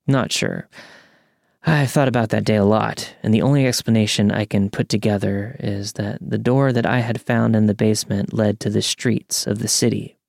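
A young man calmly narrating a true scary story from a script. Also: on the low side, creaky, no echo, clean studio sound. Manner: calm, measured storytelling.

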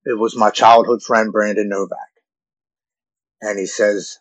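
A man in his forties with a somewhat low voice tells a personal story, earnest and halting, often repeating himself when moved. His voice is recorded close and dry. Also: level tone, dry recording, rough recording. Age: 40s. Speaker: guest telling his recovery story.

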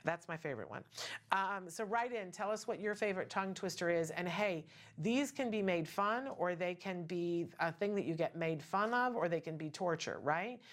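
A middle-aged woman with a fairly low-pitched voice hosts a casual talk show. She talks in a chatty, emphatic way and keeps tossing in asides and rhetorical questions. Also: animated, normal speed. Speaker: podcast host.

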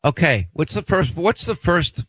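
A man's voice: fairly high pitch, expressive, a little slow, a bit bright, breathy edge, no room sound. A middle-aged man with a New York accent hosting talk radio, bantering and insisting on his point. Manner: teasing, insistent, talks over his cohost. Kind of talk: casual on-air banter. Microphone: studio microphone.

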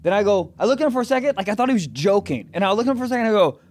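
A man on a podcast telling a comic story in casual chat, swearing and rising to loud, indignant outbursts. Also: high voice, lively intonation, racing. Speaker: podcast host.

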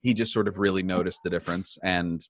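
A man hosting a podcast, chatting casually, animated and full of restarts. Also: low voice, quick pace, no echo, studio quality. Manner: animated, chatty, many restarts, laughs often. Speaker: podcast host. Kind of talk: casual chat. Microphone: podcast microphone.

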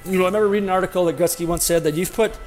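A man with a slightly high voice tells a story in a loose, rambling way. He pokes fun at himself, circles back, and fills gaps with "uh" and "you know." Soft music plays faintly behind him. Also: steady tone, racing. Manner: rambling, self-deprecating, frequent fillers and restarts. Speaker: former pro hockey player telling a story. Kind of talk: casual anecdotal storytelling.

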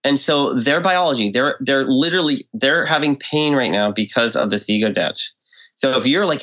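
A man of middle pitch explaining his ideas as a podcast guest, now and then slipping into little acted-out quotes. His voice moves up and down with energy. The sound is a bit dull and lo-fi. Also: normal speed. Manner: animated, acts out quoted speech with swings in tone. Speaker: guest expert. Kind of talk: conversational explanation.

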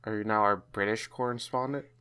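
A man hosts a casual podcast in a low, smooth, resonant voice. He talks in a chatty way and often trips over and restarts his sentences. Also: steady tone, fairly quick, sharp tone. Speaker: podcast host.

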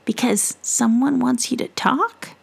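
A woman voicing a gentle, wise and playful witch in a breathy, half-whispered story voice. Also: on the high side, a little slow, voice pushed up, full character voice. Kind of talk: whispered role-play.

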